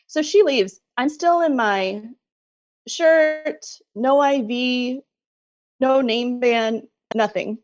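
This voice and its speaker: A middle-aged woman telling her story as a podcast guest, animated and laughing often. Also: high-pitched, very slow, dry recording, muffled recording. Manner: animated retelling, laughs often, acts out quoted voices. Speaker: guest, bereaved mother. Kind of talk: conversational storytelling.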